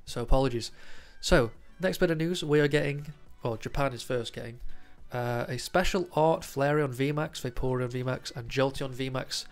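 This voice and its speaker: A man's voice: mid-range voice, moderate pace, few pauses, soft background music. A man with a cold and a nasal voice, hosting a casual card-collecting news video and talking in a chatty way with many fillers. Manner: chatty, lots of ums and uhs. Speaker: trading card news host. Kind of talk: casual commentary to camera.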